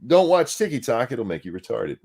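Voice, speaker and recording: A man's voice: mid-range voice, sing-song, normal speed, vocal fry, a little mellow. A man co-hosting a podcast, reading a news article aloud and breaking off for crude sarcastic remarks. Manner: reads aloud with sarcastic asides and profanity.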